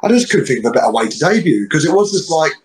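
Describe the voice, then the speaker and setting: A man's voice: fairly high pitch, big pitch swings, fast, rough recording. Slangy London man telling stories. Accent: London English. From England. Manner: blunt, swears freely, slangy. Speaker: guest wrestler. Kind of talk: casual interview storytelling.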